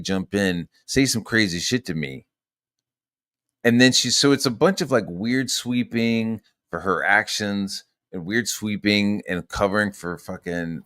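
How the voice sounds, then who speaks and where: A low-pitched man vents through a long, profane story, stacking fillers and restarts as he goes. His voice sits dry and close, with no room sound around it. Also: a bit bright, no echo. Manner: profane, rambling, heated, full of fillers. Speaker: podcast host. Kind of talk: casual storytelling rant.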